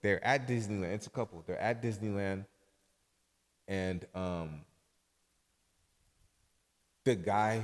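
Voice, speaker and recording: A man hosting a podcast, telling stories in a loose, profane, casual way that often drops soft and low. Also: long reverb tail. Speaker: podcast host.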